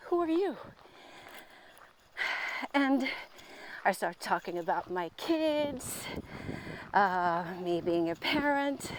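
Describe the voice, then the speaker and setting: A woman's voice: on the high side, slight background noise. A woman telling a personal story while walking outdoors, candid and bubbly, laughing often. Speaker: vlogger on a walk.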